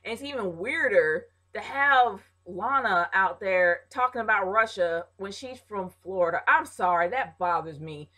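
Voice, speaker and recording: Animated woman ranting a review. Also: mid-range voice, a little slow, few pauses. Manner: addresses viewers as "y'all". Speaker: wrestling vlogger. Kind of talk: casual opinionated review.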